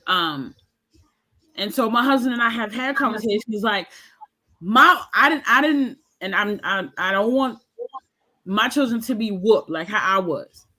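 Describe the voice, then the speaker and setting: A woman's voice: mid-range voice, measured pace, rough recording. A woman in her thirties, speaking frankly and with animation as a podcast panelist in a candid discussion. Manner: frank and animated, acts out quoted voices.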